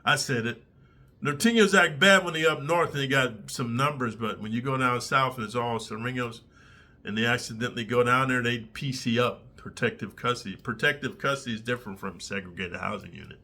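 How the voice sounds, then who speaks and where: Blunt, profane man with a bright, tense voice. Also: mid-range voice, fairly quick. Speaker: storyteller, former prisoner. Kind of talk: casual storytelling to camera.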